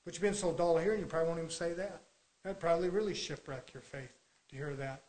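A man preaching a sermon with fervent energy, moving between quiet asides and loud exhortation, telling stories in a folksy, colloquial way. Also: on the high side, fast, rough recording.

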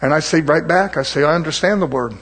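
A man's voice: fairly high pitch, fast talker, fairly bright tone. A man preaching a sermon, earnest and conversational, repeating phrases for emphasis and asking the congregation rhetorical questions.

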